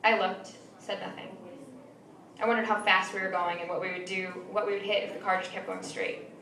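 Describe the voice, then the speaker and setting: A young woman reading her own short story aloud at a live event, in a measured, dry storytelling manner. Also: mid-range voice, level tone, pushed and bright, slight background noise. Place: small venue. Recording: roomy, distant mic with faint ambience.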